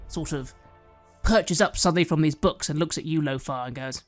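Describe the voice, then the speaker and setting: A game master narrating a fantasy tabletop game in a descriptive, unhurried way. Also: medium pitch, soft background music.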